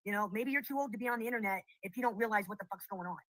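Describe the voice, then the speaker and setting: A woman's voice: a little high, rapid-fire, fairly bright tone, dry recording, rough recording. A woman host in a casual livestream chat, telling stories bluntly and with plenty of swearing. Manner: blunt, profane storytelling. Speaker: channel host.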